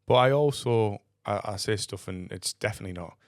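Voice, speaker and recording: A man's voice: lowish voice, a little fast, no echo, clean studio sound. A man, a comedian telling a rambling, self-mocking story in casual podcast chat.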